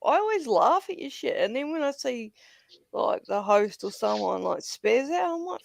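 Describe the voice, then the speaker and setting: Gravelly woman. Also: fairly high pitch, sing-song, normal speed, dry recording. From New Zealand. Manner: blunt, laughs often, swears. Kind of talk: casual group chat.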